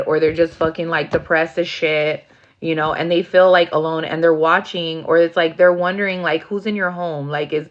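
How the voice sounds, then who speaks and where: A woman's voice: on the low side, muffled recording. A woman giving a casual tarot reading, blunt and profane, acting out rowdy asides. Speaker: tarot reader.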